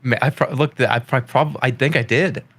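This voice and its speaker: A man's voice: steady tone, normal speed, a bit bright, dry recording. Man, light boston accent, rambling and jokey, guest in a casual interview. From Boston, Massachusetts. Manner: rambling, jokey, slips into high put-on voices for quotes.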